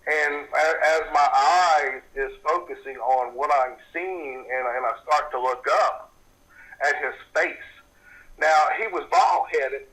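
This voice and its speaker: A middle-aged man, a paranormal investigator recounting a personal story in an interview, animated and repeating words when worked up. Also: fairly high pitch, poor audio.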